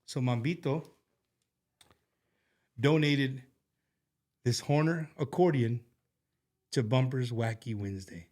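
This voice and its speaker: A man's voice: mid-range voice, slow pace, long pauses, darkish tone. A man hosting a casual talk show, speaking in a rambling, heartfelt way with many restarts and fillers. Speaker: show host. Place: studio.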